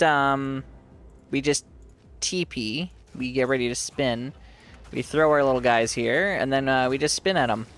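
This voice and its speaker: A man's voice: medium pitch, a bit bright. A man streaming a game, giving casual commentary while chatting with his viewers, joking at his own expense and laughing often.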